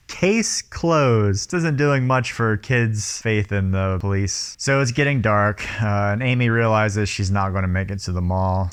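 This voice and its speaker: A man giving a casual, sarcastic movie recap commentary, animated and laughing often. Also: lowish voice, clear, resonant tone. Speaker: film reviewer.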